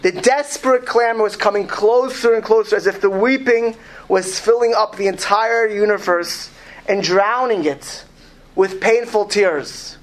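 A man reading a story aloud to an audience, slow and emphatic, stumbling and restarting often. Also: sits high. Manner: reads slowly and with emphasis, with frequent restarts. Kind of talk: lecture with read-aloud story.

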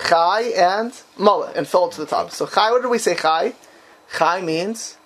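A man's voice: sits high, normal speed, a bit bright. A man teaching a class on a text, quizzing his students and bursting into dramatic exclamations.

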